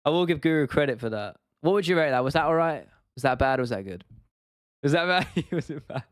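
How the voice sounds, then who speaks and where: A man with a slightly high voice talks fairly quickly while hosting a casual livestream, loosely chatting and laughing as he answers viewer questions. The sound is studio quality with no echo.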